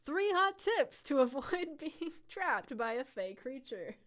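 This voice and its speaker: A woman's voice: high-pitched, big pitch swings, takes it slowly, fairly bright tone, exaggerated voice. A woman putting on a chipper mock TV news anchor voice, giggling through the reports. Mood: mock-serious. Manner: giggly, breaking into laughter.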